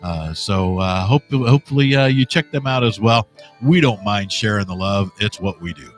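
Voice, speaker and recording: A man's voice: fairly low pitch, moderate pace, soft background music. A man in his fifties hosting a morning radio show, talking in a preachy, rambling, folksy way. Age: 50s. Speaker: radio host. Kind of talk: opinionated radio monologue.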